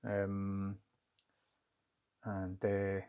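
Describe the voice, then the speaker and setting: A Scottish man tells a personal story in a casual, rambling way, full of fillers and half-started sentences. His voice sits low and gravelly. His pitch barely moves. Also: monotone, drawn-out words, muffled recording. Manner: rambling and hesitant, with many fillers and restarts. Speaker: vlogger recounting a job interview.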